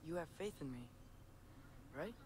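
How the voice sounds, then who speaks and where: An eager, hopeful teenage boy played by an actor speaks earnestly. His voice sits a little high. It comes through as game audio with clear noise behind it. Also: lively intonation, moderate pace, natural voice.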